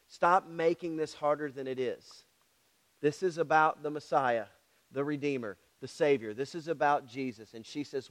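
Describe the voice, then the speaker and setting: A pastor preaches a sermon, telling Bible stories and acting out the voices of the characters, often pausing to ask the congregation "all right?" His voice is fairly high with a steady tone, and he speaks at a normal speed.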